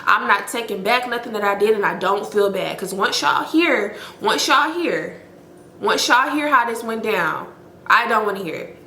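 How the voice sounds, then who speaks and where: Blunt, bright-voiced woman telling a story. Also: medium pitch, moderate pace, a little hiss or hum. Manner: animated, blunt, addresses viewers as y'all, swears freely. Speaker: storytime vlogger. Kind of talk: casual storytelling to viewers. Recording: echoey room.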